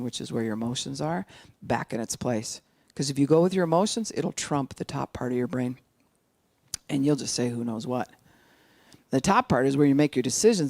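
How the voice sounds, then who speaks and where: An older speaker at an addiction recovery outreach gives an informal teaching talk, animated and sometimes slowing right down to make a point. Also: mid-range voice, no echo. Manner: animated, acts out quoted voices, sometimes slows speech right down to demonstrate.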